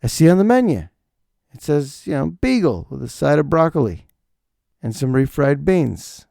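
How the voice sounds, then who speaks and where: A middle-aged man hosting a podcast, rambling through profane, animated comic stories on a close mic. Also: a little high, moderate pace, creaky, no echo. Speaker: podcast host. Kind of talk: comedic podcast monologue.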